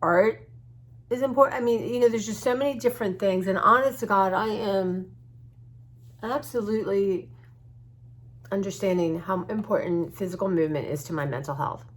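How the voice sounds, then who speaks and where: In a home-recorded vlog with a little hiss or hum, a woman chats casually about her art journaling at a moderate pace. Her voice is mid-range, and she rambles in an open-hearted way, frequently starting over.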